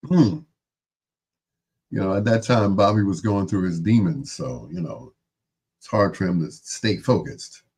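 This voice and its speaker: A man's voice: fairly low pitch, darkish tone, slightly rough. A man hosting a late-night music show, talking casually and unhurriedly as he runs through long lists of names. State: out of breath. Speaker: radio host.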